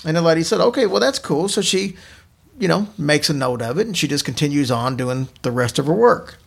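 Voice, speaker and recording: Male podcast host, gravelly and casual, narrating creepy tales. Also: fairly high pitch, animated, a little fast. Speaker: podcast host telling ghost stories. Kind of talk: casual storytelling chat.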